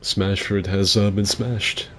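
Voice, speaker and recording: A man with a rough, gravelly voice giving crude, joking commentary on a game fight club and answering chat as the host. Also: fairly low pitch, steady tone, slow, a bit bright, slight background noise. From mixed heritage, partly Asian. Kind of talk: casual gaming commentary.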